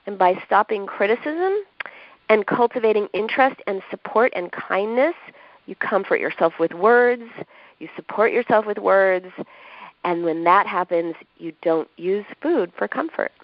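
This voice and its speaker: A woman's voice: medium pitch, a little slow, no echo. A woman who is a doctor and author, explaining ideas as a podcast guest, acting out what people say. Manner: warm, explanatory, acts out quoted speech with laughs. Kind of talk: advice in a podcast interview. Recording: dull lo-fi sound.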